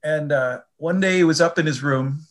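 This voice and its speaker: An older man from the Chicago area, talking about faith in a reflective, halting way and often repeating his words. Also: a little high. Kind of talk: casual faith conversation.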